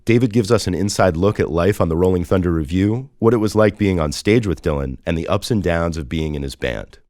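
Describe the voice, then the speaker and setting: A man narrating a podcast segment in a steady, scripted, announcer-like read. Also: deep voice, fairly quick, no room sound, clean studio sound.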